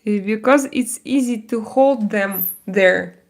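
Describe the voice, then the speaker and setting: A woman's voice: medium pitch, slow. A woman hosting a casual livestream, chatting with viewers in a loose, rambling way with many fillers. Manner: chatty, many fillers and restarts, switches into mock-Spanish bits. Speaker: livestream host. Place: home, doing makeup on stream.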